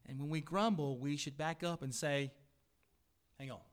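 A middle-aged man preaches a sermon in a church sanctuary. His voice sits a little high and swells into loud, earnest peaks before falling back, with dry asides to the congregation. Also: moderate pace, clear, resonant tone. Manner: earnest preaching with sudden rises in pitch and volume, dry asides. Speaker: pastor.

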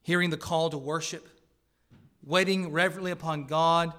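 A male pastor delivering a Sunday sermon in a slightly high voice. He builds to loud, emphatic declarations, then drops to hushed, earnest appeals to his congregation. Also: steady tone, moderate pace. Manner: emphatic preaching, swinging between loud declarations and hushed pleas. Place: church service.

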